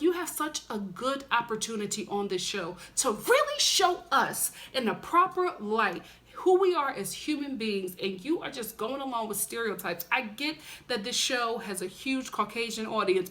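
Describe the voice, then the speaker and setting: A young woman from Philadelphia gives an animated TV recap on her vlog. She has a bright, fairly high voice. She talks straight to her viewers with plenty of emphasis. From Philadelphia, USA. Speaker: TV recap vlogger. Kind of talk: casual review vlog.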